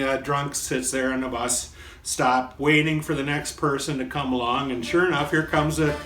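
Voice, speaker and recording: Guy rambling through corny jokes, kinda high voice, echoey room, faint guitar behind. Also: a bit bright. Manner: rambling, folksy, self-deprecating. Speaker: host. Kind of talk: casual joke-telling chat.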